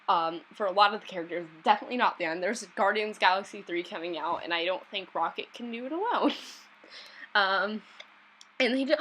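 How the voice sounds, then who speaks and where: A young woman talks in a loose, rambling way, full of fillers and false starts, as she chats to her viewers. Her voice is bright and clear. A faint hiss sits under the recording. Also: mid-range voice, rough recording. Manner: rambling, many fillers and restarts, laughs often. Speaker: vlogger. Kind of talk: casual chat.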